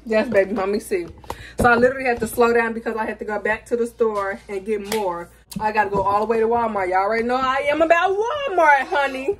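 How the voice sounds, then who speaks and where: A woman talking casually to her viewers from home in a bathroom, chatty and direct, often calling them y'all and honey. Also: fairly high pitch. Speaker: vlogger. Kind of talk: casual chat to camera.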